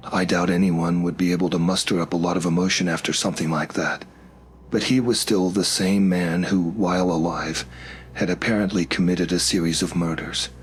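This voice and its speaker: A man narrating a first-person horror story in a steady, measured way. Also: low-pitched, a little hiss or hum.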